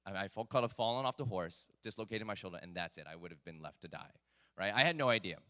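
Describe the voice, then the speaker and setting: A man telling a personal story at a live talk event, animated and self-mocking with lots of fillers. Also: lowish voice, fast.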